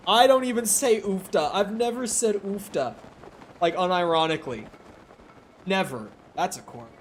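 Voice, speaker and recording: A man's voice: on the high side, animated, measured pace, long pauses, a bit bright, slight background noise. A man from Minnesota with a light Minnesotan accent, chatting casually and swearing freely as he streams a game and answers chat. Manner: chatty, profane, reads chat aloud. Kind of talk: casual live-stream commentary.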